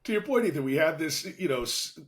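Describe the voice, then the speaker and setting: A man's voice: fairly high pitch, animated, fast talker. Wry, sarcastic man co-host. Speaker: podcast co-host. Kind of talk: casual political chat.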